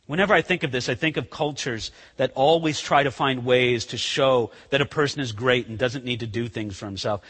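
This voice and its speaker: A man's voice: mid-range voice, a little fast, few pauses, fairly bright tone, slightly rough. A male pastor preaching a conversational sermon. He acts out scenes as he talks. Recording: long reverb of a large hall.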